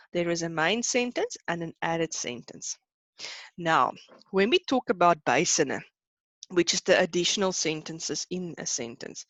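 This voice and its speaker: A woman teaching a live online class, slowing to explain each term in two languages and stopping to ask whether everyone is still with her. Her voice sits a little low for a woman and sounds close and dry on the microphone. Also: dry recording. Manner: explains terms in two languages, checks in with students. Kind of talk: online lesson.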